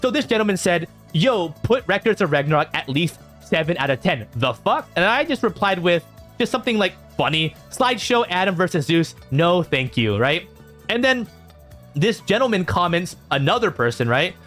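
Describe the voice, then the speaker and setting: Male vlogger, higher pitch, animated reactor, light music bed underneath. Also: moderate pace. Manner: animated, jumps in pitch when exasperated. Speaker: YouTuber reacting to comments. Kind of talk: casual reaction vlog.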